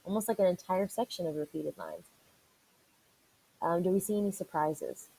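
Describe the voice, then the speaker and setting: A woman teacher with a lowish, dark, slightly rough voice and some vocal fry reads a picture book aloud to children at a normal pace. She encourages her young listeners, asking questions and answering them along the way. The audio quality is poor.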